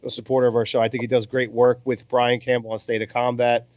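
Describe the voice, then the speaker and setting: A man co-hosts a laid-back boxing podcast from his home in Las Vegas, swearing freely and calling fights over beers. His mid-range voice is flat, fast and somewhat dark. The recording is dull, dry and lo-fi, with no room sound.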